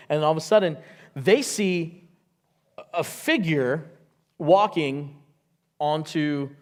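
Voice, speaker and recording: A middle-aged man preaches a sermon in a church auditorium. He talks in a chatty, storytelling way and acts out the quotes, and his voice sits a little higher than most men's. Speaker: pastor.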